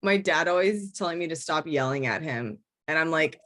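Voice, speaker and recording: Young female student, lowish voice, chatty and relatable. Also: animated, brisk, fairly bright tone. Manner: chatty, laughs, lots of "like". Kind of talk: casual class discussion.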